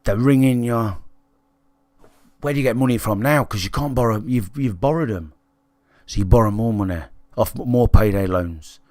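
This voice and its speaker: A man's voice: fairly low pitch, moderate pace, a little mellow, no echo. A British man livestreaming, telling a candid story to his chat in a blunt, sweary, conversational way and checking in with listeners. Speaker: gaming livestreamer.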